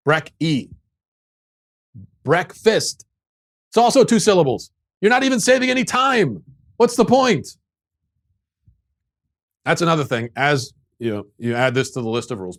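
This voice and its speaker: Guy hosting a podcast, sarcastic mock-angry rant, mid-pitched voice, deadpan then yelling. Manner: sarcastic, mock-indignant, swings from deadpan to shouting. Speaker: podcast host reading listener emails. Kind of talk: mock-outraged comedic rant.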